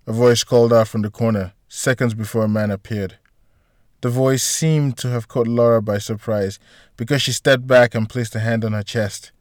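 A male narrator reads a novel chapter in a steady, even storytelling manner. His mid-pitched voice sits close and dry, with no room sound around it. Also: moderate pace, dry recording. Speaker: audiobook narrator. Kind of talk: scripted narration.

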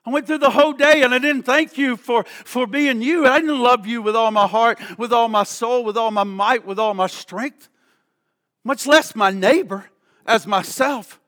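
A man preaching a sermon as pastor, moving between impassioned calls and hushed prayer. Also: very high-pitched, moderate pace. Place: church sanctuary.

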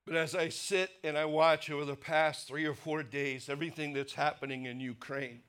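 A pastor preaching a sermon, earnest, sinking to a quiet low voice for weight and lifting it for questions to the congregation. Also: male voice, steady tone, moderate pace, clean tone. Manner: earnest preaching, drops low and soft for emphasis, rises for rhetorical questions.

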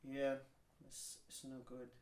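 A woman co-hosting a podcast in casual chat, loud and animated as she tells stories. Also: very deep voice, slow pace. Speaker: podcast co-host. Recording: roomy studio echo.

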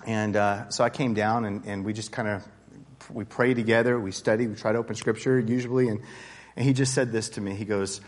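A man's voice: lowish voice, steady tone, a little fast, big-room sound. A man leading a casual Bible study group, talking earnestly and conversationally, often restarting his sentences. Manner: earnest, conversational, with frequent restarts and rising intensity.

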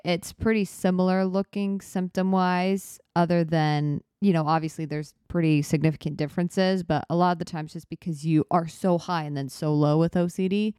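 Young woman podcast host, low-ish, smooth voice, candid and rambling, dry close mic. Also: darkish tone, no echo. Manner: rambling, candid, self-reflective. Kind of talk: casual solo podcast talk.

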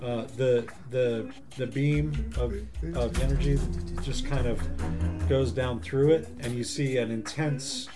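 A man narrating as game master of a tabletop game, joking and halting now and then. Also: medium pitch, fairly even intonation, loud music behind the voice.

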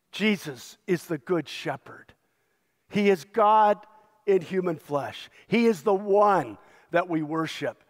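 Slow, reverberant preaching man. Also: sits high. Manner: emphatic, repetitive preaching cadence. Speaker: pastor. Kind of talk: sermon.

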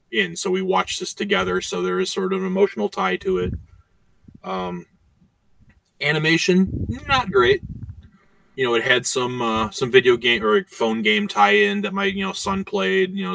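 Podcast co-host, male, high gravelly voice, rambling delivery, sits back from the mic. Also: a little slow, fairly bright tone, no room sound. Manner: rambling, many "you know" fillers. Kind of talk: casual chat. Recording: voice distant from the mic.

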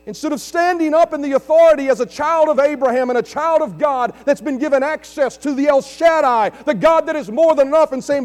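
With a very high, slightly mellow voice, a pastor speaks a little fast and with few pauses. His sermon rises in emphasis as he calls out questions to the congregation, heard through the long reverb of a large hall and a mains hum.

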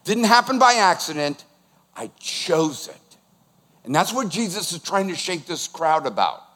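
A man in his sixties preaching a sermon as pastor, animated and emphatic, putting questions to the congregation. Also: high voice, a little slow, big-room sound. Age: 60s.

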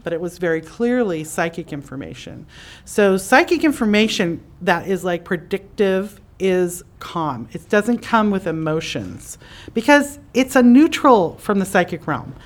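A chatty woman hosting in front of a live audience, her voice sitting at a middle pitch. She explains things in a loose, conversational way, and she voices imagined thoughts with sudden, lively jumps in pitch. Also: unhurried. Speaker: podcast host and psychic teacher. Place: conference room with a live audience.

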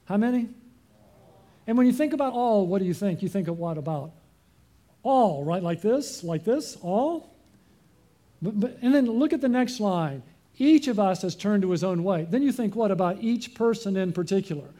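A man's voice: high voice, lively intonation, normal speed, warm tone. A male pastor delivering a sermon, asking the congregation rhetorical questions.

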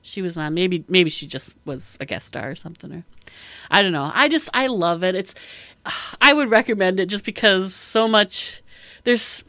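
A woman's voice: on the low side, lively intonation, normal speed, pushed and bright, dry recording. A woman chatting casually as a podcast co-host, rambling with lots of fillers and frequent laughs. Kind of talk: casual chat.

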